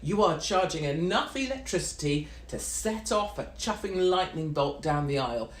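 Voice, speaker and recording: A woman's voice: low-pitched, expressive, moderate pace, slight background noise. British woman, middle-aged, live-stream rant, sweary, sarcastic, echoey room. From Britain. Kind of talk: ranting live-stream monologue. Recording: roomy echo.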